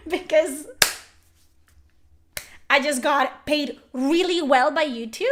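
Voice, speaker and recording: Furious high-voiced woman ranting. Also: takes it slowly, pauses often. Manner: furious, profane, yelling. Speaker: YouTuber. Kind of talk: angry rant to camera.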